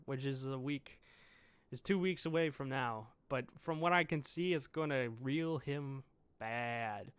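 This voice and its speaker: A man's voice: mid-range voice, clear, resonant tone, no echo. A man giving a casual solo review of a comic chapter, reading lines aloud and commenting with chuckles. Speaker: manga reviewer.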